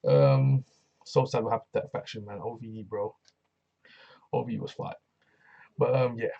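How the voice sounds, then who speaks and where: A man's voice: on the low side, fairly even intonation, normal speed, vocal fry, warm tone, breathy edge, lo-fi sound. A man casually reviewing a wrestling show, laid-back and slangy, with lots of fillers.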